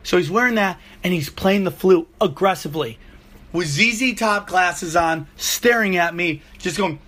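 Man, 40s, comedy podcast host, profane rant, high-pitched. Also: moderate pace, a little hiss or hum. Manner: profane, animated storytelling.

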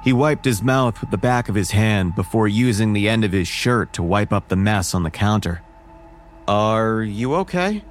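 A man narrating a first-person horror story in a measured, wary tone. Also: on the low side, fairly even intonation, soft background music.

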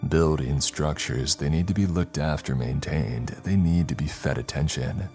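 A man voicing a ruthless male surveillance boss with a creaky voice who snaps at others with contempt. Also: very deep voice, moderate pace, darkish tone, faint music behind. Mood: ranting. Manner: snapping, contemptuous.

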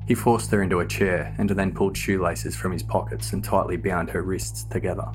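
A man giving scripted true crime narration in a steady, measured storytelling manner. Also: deep voice. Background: faint background music.

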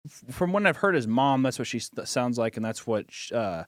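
A man's voice: medium pitch, brisk, no echo, clean studio sound. A young man co-hosting a casual podcast chat, rambling with lots of fillers and bursting into laughter. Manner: rambling, filler-heavy, animated laughing outbursts. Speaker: podcast co-host.

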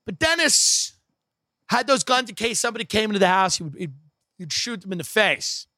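A man's voice: high voice, lively intonation, fairly quick, sharp tone, no echo, clean studio sound. Wry, profane man telling a stand-up story. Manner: wry, profane, rambling with asides. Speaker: comedian.

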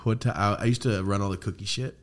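A man hosting a podcast, telling a rambling, profane story in casual chat and getting animated as it builds. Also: on the low side, quick pace. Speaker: podcast host.

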